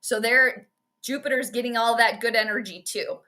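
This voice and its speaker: A woman talks through a live stream from her home, rambling and chatty as she follows the game and answers viewers. Her voice sits high and sounds bright and forward. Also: moderate pace. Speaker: host of an astrology sports livestream. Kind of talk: casual live commentary and chat.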